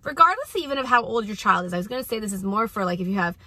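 A woman's voice: mid-range voice, sing-song, very fast, pushed and bright. A woman in her forties, a parenting coach and mother, giving casual, earnest advice with frequent restarts while at a track practice.

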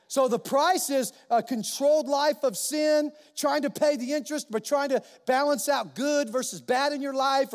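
A male pastor preaching a sermon in a church, animated and emphatic, repeating key phrases for weight. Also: very high voice. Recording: long reverb of a large hall.

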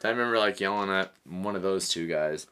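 Man, 30s, casual storyteller, lowish pitch, bright forceful tone, laughs a lot. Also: brisk, smooth. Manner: laughing, animated, swears often.

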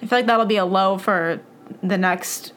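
A woman's voice: mid-range voice, normal speed, a bit bright. A young woman co-hosting a podcast in casual chat, talking loosely with lots of fillers and laughing often. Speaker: podcast co-host.

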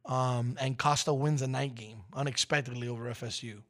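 A man's voice: mid-range voice, a little fast. A man in his forties, a radio show co-host, telling a story in casual chat and acting out the lines of the people in it. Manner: animated storyteller, acts out quotes loudly.

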